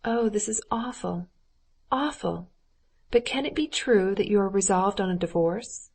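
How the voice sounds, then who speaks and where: A woman's voice: medium pitch, a little slow, gravelly, a little mellow. A woman voicing an earnest, pleading wife. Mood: distressed. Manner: earnest, imploring. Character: kind, pleading married woman friend.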